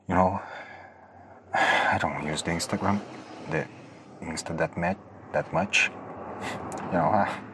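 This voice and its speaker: A man's voice: extremely low pitch, gravelly, a bit bright, slightly rough. A man hosting a solo podcast, rambling nervously and hesitantly, often apologizing for how he talks. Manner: hesitant, self-deprecating, restarts often. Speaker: podcast host.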